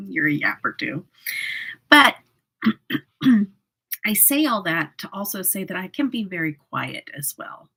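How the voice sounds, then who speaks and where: Chatty, husky woman livestreamer. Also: on the low side, sing-song, slow pace, pauses often, sharp tone, rough recording. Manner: chatty, laughs often, reads and answers viewer comments. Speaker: makeup livestream host. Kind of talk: casual livestream chat while doing makeup.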